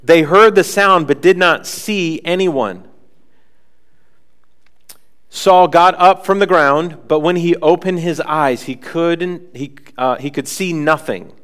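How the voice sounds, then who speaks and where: Animated man preaching a sermon. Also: fairly high pitch, slow, clear, resonant tone. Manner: animated, acts out scripture voices, frequent asides. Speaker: pastor.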